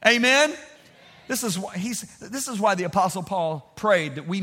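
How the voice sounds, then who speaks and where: High, bright-voiced male preacher. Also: animated, moderate pace, long reverb tail. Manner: emphatic, calls on the congregation to respond aloud; swings between loud shouting and quiet storytelling. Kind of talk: sermon.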